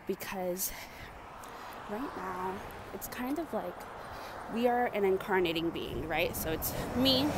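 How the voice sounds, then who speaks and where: Chatty woman vlogging outdoors, noisy background. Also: medium pitch. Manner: earnest and chatty, many fillers like "you know". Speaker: spiritual vlogger. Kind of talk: casual spiritual vlog monologue. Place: outdoors among plants and trees.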